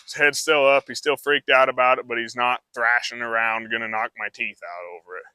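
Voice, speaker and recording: A man's voice: mid-range voice, fairly even intonation, a little fast, bright, forceful tone, clean tone, no room sound. A man who trains horses, talking a live audience through a demonstration in a casual, rambling way full of fillers.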